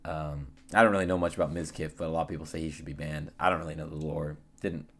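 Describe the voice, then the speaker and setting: A young man streaming and chatting casually, rambling and trailing off into quiet mumbles. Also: extremely low pitch, little pitch movement, fast. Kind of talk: casual live-stream chat.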